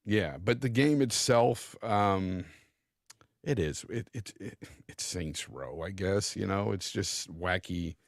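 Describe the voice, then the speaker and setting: A man's voice: sits low, takes it slowly, no echo, studio quality. A man co-hosting a casual gaming podcast, rambling and repeating himself, with a casual swear now and then. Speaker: podcast co-host.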